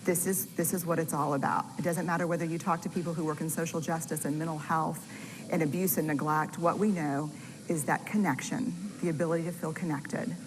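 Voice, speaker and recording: A woman researcher speaks to an audience in a candid, self-deprecating storytelling manner. Her voice sits a little low. It carries long hall reverb with steady noise underneath. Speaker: researcher and storyteller giving a talk. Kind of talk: public talk to an audience.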